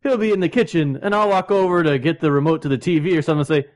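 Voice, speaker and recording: Guy with a kinda high voice, dry measured jokes in a casual chat. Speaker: podcast co-host.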